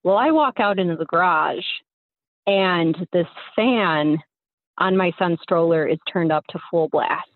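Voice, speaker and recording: A woman's voice: lowish voice, measured pace, no room sound. A young woman caller casually telling a story, rambling with lots of fillers, heard over a tinny phone line.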